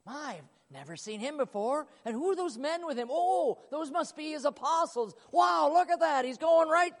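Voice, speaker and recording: A preacher, a man, voicing an excited short male tax collector, breathless and exclaiming. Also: very high-pitched, fairly quick, big-room sound, pitched above the performer's own voice.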